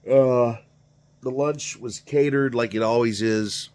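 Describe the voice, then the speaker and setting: A man's voice: mid-range voice, fairly even intonation, slow, a little mellow, clear, resonant tone. A tired middle-aged man talking in a casual, rambling monologue, swearing freely and joking at his own expense. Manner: profane, rambling, self-deprecating. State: tired, yawning. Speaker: garage channel host.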